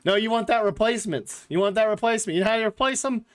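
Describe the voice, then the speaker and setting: A man with a high voice talks fast while hosting a sports podcast. He chats casually, offering blunt, jokey opinions and rambling with loads of filler, constantly saying "like" and "literally."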